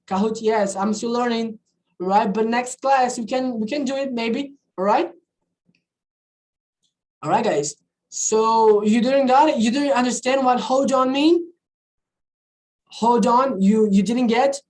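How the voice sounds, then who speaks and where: A woman with a slightly high voice teaches a casual online class. She talks in a chatty, repetitive way and keeps checking in with her students. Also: a little slow, long pauses, a little mellow, rough recording. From not from the country where she teaches. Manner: chatty, repeats "all right, guys?" and switches into Portuguese.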